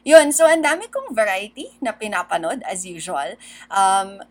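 A woman with a Filipino accent co-hosting a podcast, chatting excitedly and switching between English and Tagalog. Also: medium pitch, normal speed. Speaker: podcast co-host. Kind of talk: casual chat.

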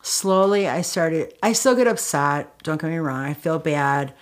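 Middle-aged woman guest, low-ish voice, candid and emotional storytelling, lots of fillers and restarts. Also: animated, unhurried. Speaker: guest, author and anti-violence activist. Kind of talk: conversational storytelling.

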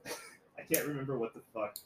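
A man's voice: mid-range voice, moderate pace. Young man rambling, swearing, echoey room. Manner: rambling storytelling, heavy swearing, laughing. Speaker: podcast co-host. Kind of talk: casual crude chat. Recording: echoey room with faint background noise.

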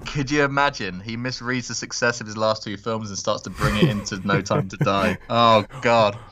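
A British man appearing as a podcast guest, chatting quickly and politely with lots of fillers. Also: on the low side, fairly even intonation, crowd noise. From Britain. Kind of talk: casual chat.

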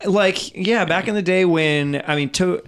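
A man's voice: sits high, measured pace, fairly bright tone, clear, resonant tone. A man in casual chat, easygoing, telling stories with light laughs.

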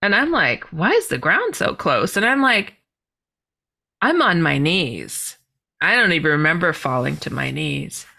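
A woman guest telling a personal story in a lively way, laughing and exclaiming often. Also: low voice, a little slow, creaky. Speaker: guest author.

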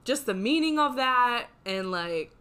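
A woman co-hosting a casual music review chat, talking excitedly with lots of "like" fillers. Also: fairly high pitch, a little slow, clean tone. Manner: excited, gushing, many "like" fillers. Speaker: co-host reviewing songs.

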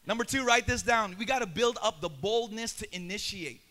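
A young adult male pastor with a Filipino accent, preaching a passionate sermon that builds to shouts and slips into Tagalog. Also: high voice, fairly quick.

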